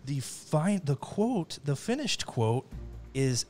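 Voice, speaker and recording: A man's voice: fairly high pitch, big pitch swings, slow pace, dark tone, faint music behind. A man hosting a trivia game in a playful mock-formal announcer manner. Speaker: trivia game show host.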